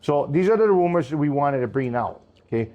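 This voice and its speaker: A man who owns a restaurant, telling a story in casual chat with animated, profane, fiery energy. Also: a little high, brisk. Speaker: restaurant owner.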